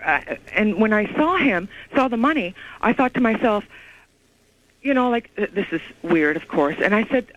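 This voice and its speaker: A woman calling into a radio show, telling an eerie story in an excited, rambling way over the phone. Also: medium pitch, moderate pace, no echo. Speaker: caller. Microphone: phone call. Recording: muffled lo-fi phone line.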